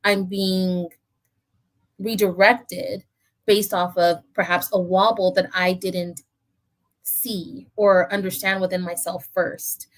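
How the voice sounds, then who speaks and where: A woman's voice: on the low side, little pitch movement, slow. A woman hosting a casual podcast conversation, speaking in a thoughtful, reflective way. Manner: thoughtful, reflective, lots of fillers.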